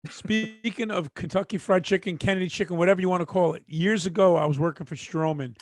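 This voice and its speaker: A man's voice: sits high, fairly even intonation, quick pace, no room sound, studio quality. A man, co-hosting a podcast in loose, profane chat and calling his partner "bro" and "man". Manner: laid-back, profane, says "bro" and "man" often. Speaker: podcast co-host. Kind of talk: casual chat.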